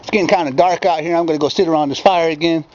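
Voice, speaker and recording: Racing along in a fairly high voice with a darkish tone, a vlogger from Michigan rambles and rants outdoors at dusk near a yard fence and campfire. He's recorded on a handheld camera, giving dull lo-fi audio with faint outdoor ambience and a little hiss or hum.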